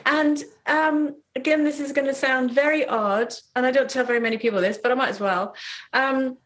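Speaking at a normal speed with a voice that sits high, this middle-aged woman from Trinidad is a podcast guest sharing a personal story. She's lively, laughs a lot, and performs the lines of the people involved, all within relaxed, chatty storytelling.

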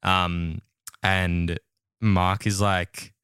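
Young man, low and bright, crisp dry voice, casual podcast chat. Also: drawn-out words, no echo. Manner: animated, laughs often, says "like" a lot. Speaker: podcast host.

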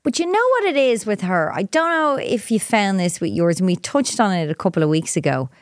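A woman co-hosting a podcast, telling a story in a lively, blunt, unfiltered way. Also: a little fast, no echo, clean studio sound. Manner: animated storyteller, jumps into high voices for quotes. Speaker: podcast co-host. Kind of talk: casual chat.

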